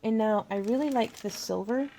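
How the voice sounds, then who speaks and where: A woman's voice: fairly high pitch, moderate pace, creaky, mellow, a little hiss or hum. A woman hosting a crafting tutorial, chatting casually and thinking aloud as she works. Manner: chatty, thinking aloud, with fillers and little laughs.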